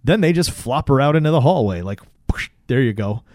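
A man co-hosting a podcast, recapping a movie in animated, profane casual chat and acting out the characters' lines. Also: mid-range voice, fast, no echo, clean studio sound. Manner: animated, profane storytelling, acts out quotes. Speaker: podcast co-host.

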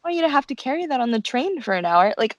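A young woman co-hosting a casual chat, animatedly recapping a show and acting out quotes in high voices. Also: big pitch swings, very fast, no room sound. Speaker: podcast co-host.

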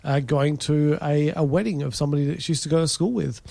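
A man co-hosting a podcast in casual chat, talking in a rambling, halting way. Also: fairly high pitch, fairly even intonation, creaky, mellow, no echo. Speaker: podcast co-host.

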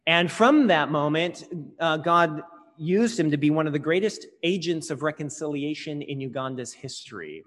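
A man's voice: fairly high pitch, moderate pace, a bit bright. A man preaching a sermon as pastor, earnest and building to emphatic peaks. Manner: earnest, swelling with emphasis on key phrases. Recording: long reverb of a large hall.

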